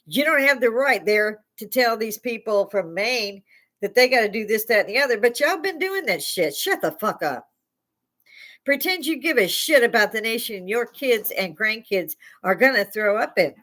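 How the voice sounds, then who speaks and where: An older woman with a Chicago accent holds forth on her live stream. She talks bluntly and heatedly and swears freely, and her voice sits at an ordinary middle pitch. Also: a bit bright. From Chicago, United States. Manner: blunt, profane, heated ranting. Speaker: livestream host. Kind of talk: opinionated live rant.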